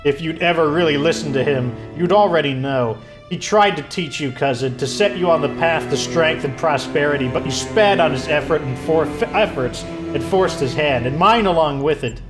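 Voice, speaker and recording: A man's voice: a little high, moderate pace, few pauses, music in the background, natural voice. A man reading aloud the lines of a scheming, vengeful noblewoman villain from a video game in a sneering, threatening manner. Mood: cold.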